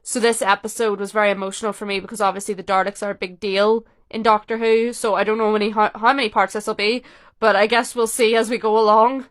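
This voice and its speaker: A young woman vlogger reacting to a rewatch in casual, chatty commentary. She is excitable and opinionated, and her sentences restart and interrupt themselves. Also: medium pitch. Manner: excitable, talks fast with restarts and self-interruptions; opinionated, emotional fan.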